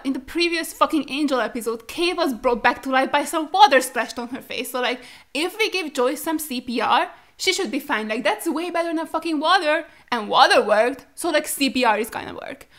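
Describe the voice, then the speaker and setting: A young woman with a high, bright voice talks through tears as she reacts to a show. She pleads and protests in disbelief, swearing now and then as her voice breaks. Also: expressive, normal speed. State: crying. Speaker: reaction video host. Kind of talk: emotional reaction commentary.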